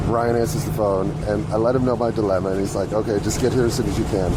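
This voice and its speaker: A man hosting his own show, telling a rambling, profane story aloud while out on the street and riding a bus, recorded on a phone. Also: fairly low pitch. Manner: profane, rambling, animated when retelling. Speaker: podcast host. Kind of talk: casual storytelling monologue. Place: outdoors on the street and at bus stops. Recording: faint street and traffic noise.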